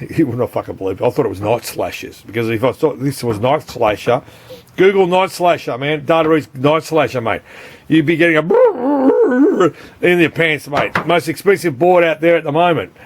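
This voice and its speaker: Brief: Australian bloke, higher-pitched voice, loose, profane shop-talk rambling. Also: male voice, expressive, fairly quick. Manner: rambling, swears often, keeps saying "mate". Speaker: arcade board repairer. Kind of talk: casual unscripted video chat.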